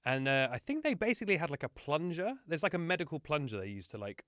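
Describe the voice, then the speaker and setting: A man's voice: fairly high pitch, sing-song, fast, a bit bright, no room sound. Man telling chatty stories, dry sound. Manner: chatty storyteller, self-deprecating. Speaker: podcast guest. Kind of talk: casual chat.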